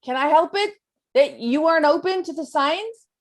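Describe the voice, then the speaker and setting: A woman voicing God as a stern, teasing male figure in a told parable, scolding briskly. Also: sits high, expressive, voice pushed up. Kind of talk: storytelling on a video call.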